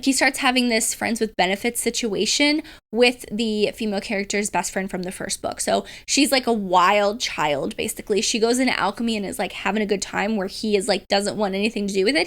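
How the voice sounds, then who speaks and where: A woman's voice: mid-range voice, a bit bright. A woman chatting casually about book recommendations, gushing and talkative with lots of fillers. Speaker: book reviewer.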